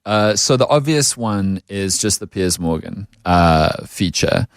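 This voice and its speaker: A man's voice: sits low, animated, slow pace, smooth, no room sound. A South African man speaking as an articulate, opinionated guest on a radio panel in a studio. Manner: articulate, opinionated, acts out quoted voices. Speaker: panel guest, media personality.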